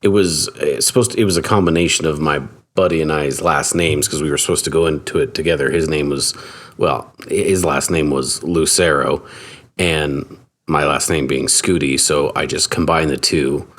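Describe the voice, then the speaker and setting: Very deep-voiced man, relaxed and self-deprecating. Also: normal speed. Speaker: guest guitar builder. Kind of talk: casual interview conversation.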